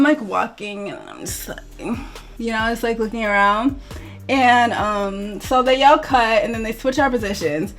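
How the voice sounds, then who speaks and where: Young woman, slightly high voice, chatty storyteller who acts out her quotes, light music underneath. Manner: chatty, animated, many "like" fillers, acts out quotes. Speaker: model. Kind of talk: storytime vlog.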